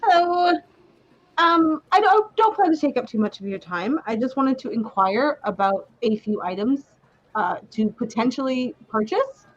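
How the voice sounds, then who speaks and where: A woman's voice: high voice, expressive, moderate pace. A woman playing in a tabletop game, speaking politely and earnestly in character. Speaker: player. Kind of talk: tabletop role-play. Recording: dull, lo-fi mic.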